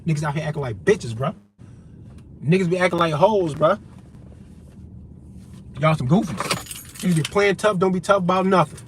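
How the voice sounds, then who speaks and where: A man's voice: fairly high pitch, moderate pace, long pauses, background noise. A man in an unscripted monologue, talking straight at his listeners in a profane, confrontational, heated way. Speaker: vlogger.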